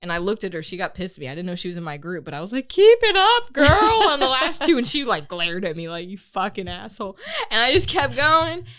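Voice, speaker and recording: A young woman co-hosting a podcast, telling a story in a casual, animated way, swearing freely and laughing as she goes. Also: on the low side, fast talker. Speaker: podcast co-host.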